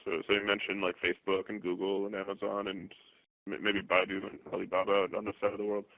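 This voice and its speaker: A man in his thirties from the Boston area presenting a webinar, speaking in a monotone with many fillers and restarts. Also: sits low, fast talker, vocal fry, no room sound, poor audio. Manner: monotone delivery.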